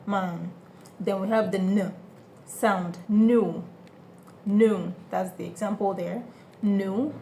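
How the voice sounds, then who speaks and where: A woman's voice: lowish voice, dark tone, a little hiss or hum. A woman teaching French sounds to beginners, patiently repeating each example and checking that students follow. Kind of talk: beginner pronunciation lesson.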